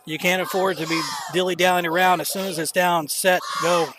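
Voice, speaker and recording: A young man calling a live high school football game as play-by-play commentator, excitable, openly nervous and rooting for his team. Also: brisk, music in the background. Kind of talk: live local sports commentary. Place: outdoor stadium bleachers. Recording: noisy outdoor stadium stream.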